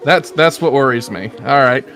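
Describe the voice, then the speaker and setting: A man's voice: medium pitch, moderate pace, a bit bright, soft background music. A man playing a tabletop game, speaking hesitantly with many stammers and fillers. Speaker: player.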